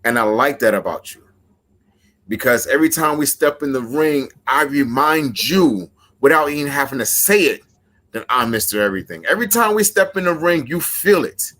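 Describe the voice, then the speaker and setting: A man delivers a wrestling promo with a bright, forceful edge to his voice. He is intense and emphatic, stacking and repeating his lines for effect. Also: medium pitch, animated, moderate pace.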